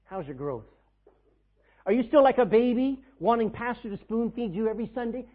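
A man's voice: very high-pitched, lively intonation, a little fast, phone-quality sound. A man preaching a sermon as pastor, emphatic, asking the congregation questions and pushing for answers.

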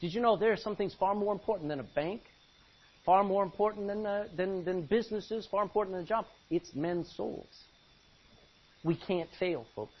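A man's voice: high-pitched, normal speed, slightly rough, highs cut off. A man preaching a sermon in an emphatic way, repeating phrases and calling out for amens.

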